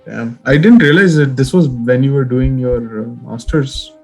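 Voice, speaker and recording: Man reading a creepy story slowly. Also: medium pitch, creaky, soft background music, poor audio. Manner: reads a story aloud in a slow, hushed creepy voice. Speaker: podcast co-host. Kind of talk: casual podcast chat and story reading.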